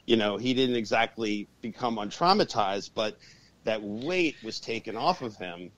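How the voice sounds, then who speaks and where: A man telling a story as a podcast guest, animated and swearing freely. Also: lowish voice, moderate pace. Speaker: guest, urban shaman and exorcist. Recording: dull lo-fi podcast audio.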